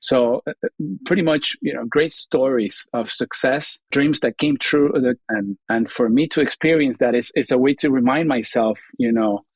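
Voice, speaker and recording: A man's voice: mid-range voice, moderate pace, husky, no room sound. Earnest man. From Venezuela. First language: Spanish. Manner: earnest, repeats words, leans on "you know". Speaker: guest chef and TV host. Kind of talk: casual interview chat.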